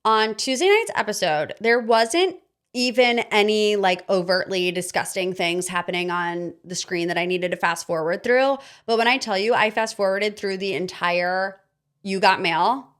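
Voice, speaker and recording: A woman in her thirties hosting a podcast, giving casual pop-culture commentary in an animated, sarcastic, ranting manner. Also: medium pitch, moderate pace, clear, resonant tone. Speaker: podcast host.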